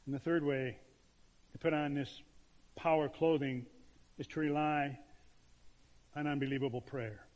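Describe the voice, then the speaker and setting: A man, a pastor, preaching a sermon with emphatic phrasing and dramatic pauses. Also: on the high side, steady tone, a little mellow, long reverb tail.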